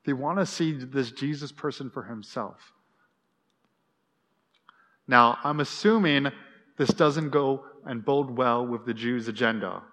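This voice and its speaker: A man preaching a sermon, animated and acting out quotes, with frequent restarts. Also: medium pitch. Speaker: pastor. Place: church sanctuary. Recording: long reverb in a hall.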